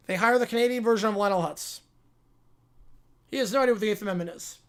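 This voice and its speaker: A man's voice: sits high, fairly quick. Casual livestream host man. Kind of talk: live reaction stream, reading viewer requests.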